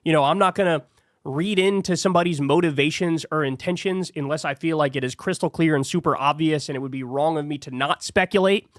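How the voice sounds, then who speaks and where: A man's voice: a little high, a little fast, no room sound, clean studio sound. A man hosting a heated political commentary show, sarcastic and profane.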